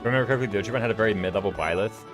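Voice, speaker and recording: Over game music, a man with a Southern US accent rambles through casual commentary on the strategy game he's streaming, dropping his consonants as he thinks aloud. His voice is on the low side and he talks at a racing pace.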